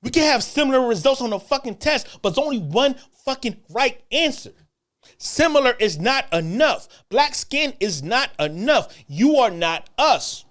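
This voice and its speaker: A man's voice: very high-pitched, very animated, moderate pace, a bit bright. A man delivering a heated, profane, repetitive rant straight to the camera. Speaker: commentator. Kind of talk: ranting to-camera monologue.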